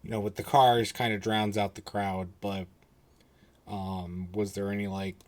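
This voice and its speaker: A man's voice: lowish voice, flat delivery, a little slow. A man hosting a casual podcast, asking questions and teasing his guest with easy laughter. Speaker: podcast host.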